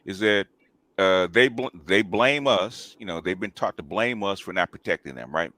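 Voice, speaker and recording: Deep-voiced male host, emphatic. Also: lively intonation, moderate pace, pushed and bright, no room sound. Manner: emphatic, repeats "okay?" and "right?". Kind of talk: casual talk show, explaining.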